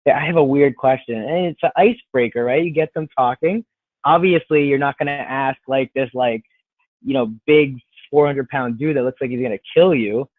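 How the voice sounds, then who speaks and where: A man's voice: medium pitch, normal speed, no room sound. A man co-hosting a casual podcast, talking in a playful, pushy way. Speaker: podcast co-host. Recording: dry tinny phone-like audio.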